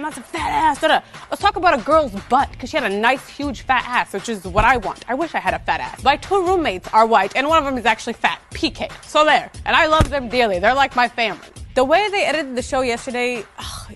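A woman's voice: fairly high pitch, lively intonation, fast, hardly any pauses, a bit bright, soft background music. Brash, profane woman in a confessional. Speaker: reality show cast member. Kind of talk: confessional interview.

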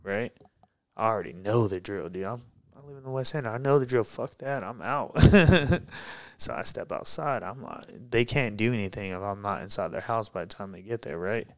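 A man's voice: lowish voice, normal speed, no echo. Profane, heated man telling a story. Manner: profane, heated, animated retelling. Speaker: guest, pro MMA fighter. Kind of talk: casual podcast storytelling.

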